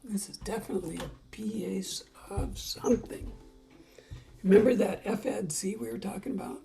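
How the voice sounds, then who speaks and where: A woman's voice: medium pitch, normal speed, creaky, mellow, soft background music. A woman teaching a casual ukulele lesson, chatting and singing along while calling out chords.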